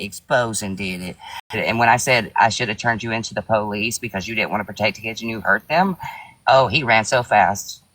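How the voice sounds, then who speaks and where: A man's voice: fairly low pitch, a bit bright, no room sound, poor audio. A man hotly accusing someone during a live stream argument, swearing and confrontational.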